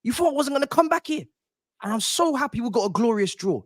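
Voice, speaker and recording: A man's voice: very high-pitched, lively intonation, fast talker, no room sound, clean studio sound. A man, a football fan panelist delivering a theatrical, mock-indignant rant.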